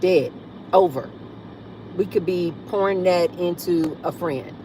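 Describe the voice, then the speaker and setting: A woman's voice: fairly low pitch, measured pace, background noise. A woman hosting a casual livestream from her parked car, chatting and reading viewer comments aloud with frequent laughter. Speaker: livestream host.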